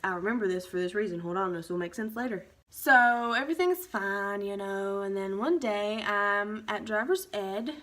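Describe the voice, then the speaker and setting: Bright-voiced young woman telling a story. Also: medium pitch, normal speed, few pauses. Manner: profane, animated storytelling with quoted voices. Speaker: vlogger. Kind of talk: casual storytime.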